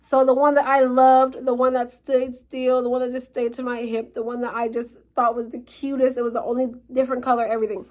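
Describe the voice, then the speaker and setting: A woman telling a story about her neighbors in a casual vlog, acting out quotes with lively swings and sometimes dropping to a whisper. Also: sits high, a little fast, hardly any pauses, low-quality recording. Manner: animated storytelling, acts out quotes, drops to a whisper at times. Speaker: vlogger.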